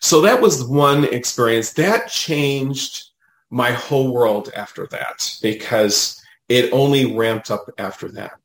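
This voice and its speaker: A man, a medium, telling a personal story in casual conversation, animated and full of fillers, acting out what others said. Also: medium pitch, slow, roomy sound, poor audio. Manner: animated, retells dialogue, many fillers. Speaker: medium, podcast guest.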